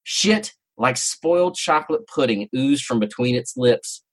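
A man's voice: medium pitch, expressive, a little slow. A man hosting a podcast, giving a theatrical first-person story reading with mock-serious relish. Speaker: podcast host.

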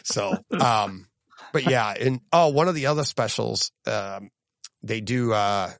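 A man's voice: fairly low pitch, measured pace, vocal fry, no room sound, studio quality. A man co-hosting a podcast, chatting casually and telling stories with plenty of laughs and restarts. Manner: animated storytelling with laughs and restarts. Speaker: podcast co-host. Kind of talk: casual chat.

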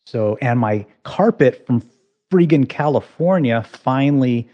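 A male guest on a podcast, talking casually. He rambles, restarts his sentences often and leans on "you know" and "um." His voice sits at a middle pitch. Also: animated, measured pace, mellow, highs cut off. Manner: rambling, restarts a lot with many fillers. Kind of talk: casual chat.

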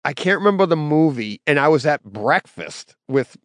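Middle-aged New man, podcast co-host, animated storyteller with a high, swinging voice. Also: moderate pace, dry recording. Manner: animated storyteller, laughs easily. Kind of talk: casual chat.

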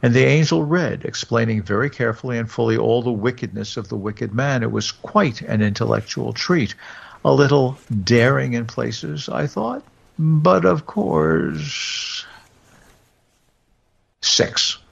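A man reading a story aloud in a measured storytelling manner. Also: mid-range voice, expressive, vocal fry, breathy edge. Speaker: audiobook reader. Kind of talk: storybook narration. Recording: dull lo-fi recording.

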